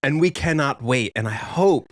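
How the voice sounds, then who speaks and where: A man's voice: medium pitch, animated, moderate pace, dry recording, studio quality. A man co-hosting a music reaction video, chatting casually and laughing often. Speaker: reaction channel co-host. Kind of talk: casual chat.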